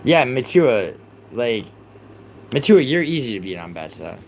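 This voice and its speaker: A man's voice: mid-range voice, big pitch swings, darkish tone, rough recording. Young male livestream host, heated and profane, mid voice, slight background hum. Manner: exasperated, swearing, rapid outbursts.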